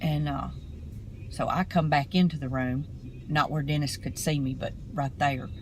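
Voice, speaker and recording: A middle-aged woman, talking casually to camera from her car in an earnest, rambling, halting way. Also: low voice, fairly even intonation, slight background noise, rough recording. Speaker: vlogger.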